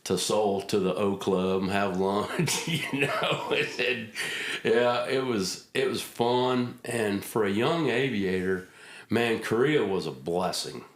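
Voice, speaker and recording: A man's voice: on the low side, slow pace. A middle-aged man, a retired army helicopter pilot, telling stories in a casual, folksy interview. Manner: folksy anecdotal storyteller, acts out quotes. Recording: roomy echo.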